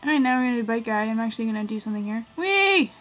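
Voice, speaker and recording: Gamer woman, high and unhurried, yelping over her game, with faint music underneath. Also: little pitch movement, low-quality recording. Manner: yelps and squeals at the game. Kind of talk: let's play commentary.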